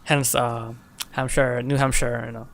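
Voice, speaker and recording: A man's voice: medium pitch, flat delivery, unhurried, a bit bright. A young man streaming a game, chatting casually with his viewers, reading their messages aloud and laughing often. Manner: chatty, laughs often, reads and answers chat. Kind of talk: casual gameplay chat with viewers.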